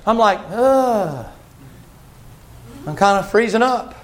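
A man preaching a folksy, animated sermon and shouting at its peaks. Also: very high voice, normal speed. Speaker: pastor.

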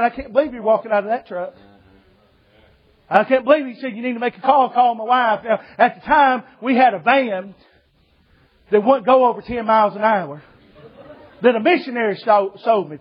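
High-voiced preacher telling a story. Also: male voice, slightly rough, dull audio. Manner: lively storytelling, acts out voices, laughs. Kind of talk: sermon testimony.

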